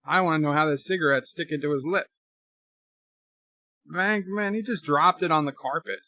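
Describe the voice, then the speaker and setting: A man's voice: a little high, normal speed, pushed and bright, no echo. A man hosting a live movie rewatch, chatting and reading viewer comments aloud as he reacts.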